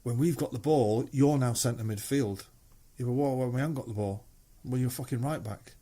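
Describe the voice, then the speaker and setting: A man's voice: mid-range voice, moderate pace, warm tone, breathy edge. A middle-aged man with a Mancunian English accent, a musician guest telling anecdotes in casual chat, swearing freely and acting out quoted voices.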